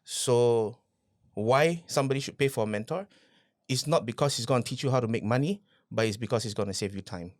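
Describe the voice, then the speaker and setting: A man, a podcast guest telling his business story in a casual interview, animated, repeating phrases and asking rhetorical questions. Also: medium pitch, brisk.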